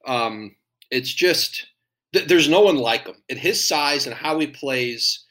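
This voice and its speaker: Bright-voiced man hosting a casual chat. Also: medium pitch, lively intonation, slow pace. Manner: friendly, laughs along, asks questions. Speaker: podcast host.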